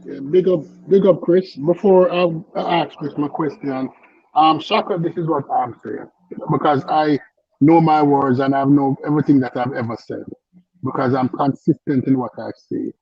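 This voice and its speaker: A man's voice: on the high side, fairly even intonation, moderate pace, gravelly, breathy edge, no echo, lo-fi sound. A man with a French accent, a caller on a live online panel, arguing insistently and repeating himself to make his point. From French-speaking.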